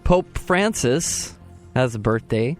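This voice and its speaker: A man's voice: medium pitch, animated, slow pace, soft background music. A man co-hosting a radio show, reading news items and dropping dry one-liners. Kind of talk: casual news banter.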